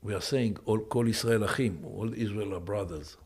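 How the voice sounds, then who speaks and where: Low husky man, hesitant. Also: moderate pace, a little mellow. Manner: hesitant, searching for words. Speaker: interview guest, father.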